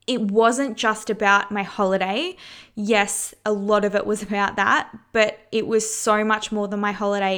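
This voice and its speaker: A woman hosting a solo podcast in a loose, chatty way. Her voice is smooth and clear. She talks openly, swears without holding back, and fills her sentences with "like" and "you know.". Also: medium pitch, fairly bright tone. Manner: frank and candid, swears freely. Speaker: podcast host. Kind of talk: casual solo podcast talk.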